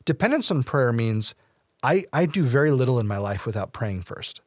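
A man's voice: mid-range voice, very animated, moderate pace, no echo, studio quality. A man hosting a casual faith discussion, talking earnestly at length with playful asides.

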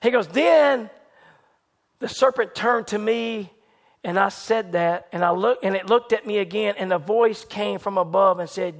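Male preacher, very high voice, storytelling sermon, swings from shouting to near-whisper. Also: measured pace. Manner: dramatic, rising to excited shouts in retold scenes, dropping to hushed lows.

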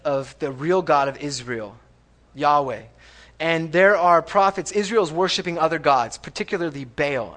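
A man preaching a sermon in a church, talking in a conversational way and checking in with the congregation, going from loud emphatic lines to hushed reading. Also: fairly high pitch. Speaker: pastor. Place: church sanctuary.

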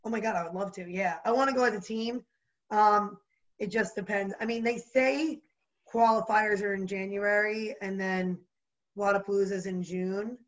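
A woman with a New Jersey accent chatting as a podcast guest, bubbly and animated, full of "like" fillers. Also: mid-range voice, normal speed, lo-fi sound. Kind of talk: casual chat.

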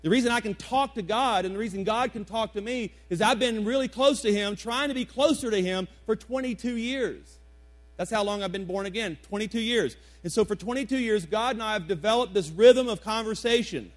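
High-voiced man preaching a conversational sermon. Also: a little fast. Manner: conversational preaching, emphatic repetitions, asks the congregation questions. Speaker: pastor. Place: church sanctuary before a congregation.

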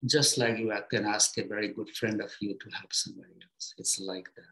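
A man giving a spiritual talk to his students as their teacher, speaking gently in short, unhurried phrases with pauses and simple everyday comparisons. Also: lowish voice, fairly even intonation, gravelly, rough recording.

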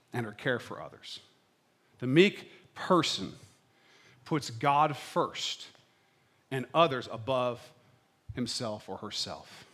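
A man's voice: mid-range voice, fairly bright tone, breathy edge. A middle-aged man preaching a sermon in a chatty, playful way, often checking in with the congregation. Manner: conversational preaching with playful asides, checking in with "right?". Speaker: pastor.

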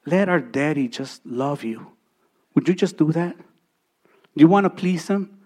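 A man in his thirties preaching a sermon, his voice sitting a little high for a man. He drives points home with repeated phrases, rising loud and then dropping to near quiet. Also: expressive, measured pace. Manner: emphatic preaching with repetitions and swings from loud to soft. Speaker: pastor.

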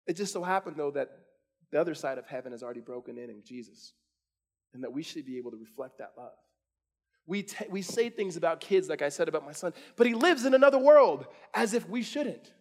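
A man's voice: a little high, animated, brisk. A man, preaching a sermon in a casual storytelling way, full of restarts and fillers. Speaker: pastor.

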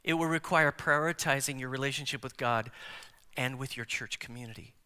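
A man preaching a sermon as a pastor in a church, swinging between emphatic declarations and hushed near-whispers and putting questions straight to the congregation. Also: mid-range voice, brisk, clear, resonant tone. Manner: engages the congregation with direct questions. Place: large church sanctuary. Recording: long hall reverb from church sanctuary.

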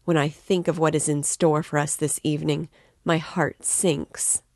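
A woman's voice: low-pitched, little pitch movement, measured pace, a little mellow, no room sound, clean studio sound. A woman reading the part of an anxious, talkative middle-aged mother in a novel. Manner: worried, talkative.

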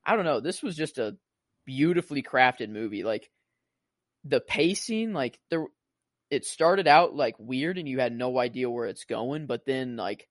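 A man's voice: mid-range voice, expressive, measured pace, dry recording, studio quality. A young man chatting casually about a film, rambling and full of fillers.

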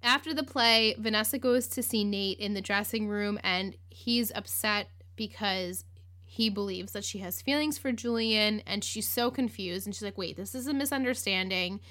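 Chatty woman host of a recap podcast, animated and quick to laugh, bright tone at a medium pitch. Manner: chatty, lots of "like", acts out quotes, laughs. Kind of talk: casual recap chat.

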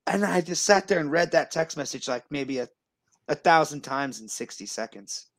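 A man in his thirties, a show guest, telling a personal story with lots of fillers and excited restarts. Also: on the high side, normal speed, no echo. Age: 30s. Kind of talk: casual storytelling.

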